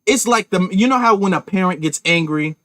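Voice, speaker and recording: A man's voice: sits high, lively intonation, fairly quick, fairly bright tone, no echo. Guy ranting about politics to his viewers, dry close mic. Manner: emphatic, talks to viewers directly, repeats and restarts. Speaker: commentary channel host. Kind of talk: political commentary rant.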